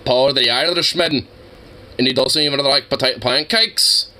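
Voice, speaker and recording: A man's voice: medium pitch, a little slow, bright, forceful tone. A young man hosting a livestream, chatting casually in a rambling, profane way and laughing often. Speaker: livestream host. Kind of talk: casual stream chat.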